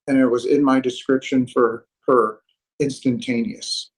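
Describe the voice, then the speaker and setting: A man telling his near-death story as earnest, halting personal testimony. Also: mid-range voice, steady tone, low-quality recording.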